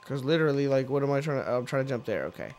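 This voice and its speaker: A man hosting a let's play, giving casual gameplay commentary that swings from low mumbling to frustrated shouting, with free swearing. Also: animated, very fast, soft background music.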